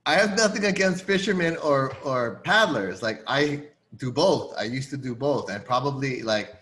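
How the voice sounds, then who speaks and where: Casting note: middle-aged man from Hawaii, host, lively storyteller who slips into quoted voices. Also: mid-range voice, moderate pace. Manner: animated storyteller, many fillers, acts out quotes. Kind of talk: casual storytelling chat.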